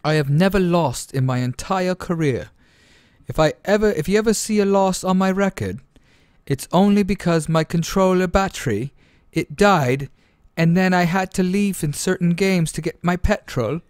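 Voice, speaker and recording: A man's voice: high voice, moderate pace, darkish tone, clear, resonant tone, no echo, studio quality, voice pushed up, natural voice. A man voicing a boastful male gamer who makes excuses for every loss, in a somewhat raised voice. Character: boastful male gamer claiming he never loses.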